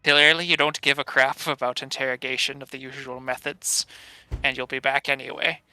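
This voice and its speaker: A man's voice: medium pitch, little pitch movement, fairly quick, pushed and bright, clean tone, rough recording. A man voicing a blunt adult male noble adventurer who talks in a dry, businesslike way. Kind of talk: in-character role-play.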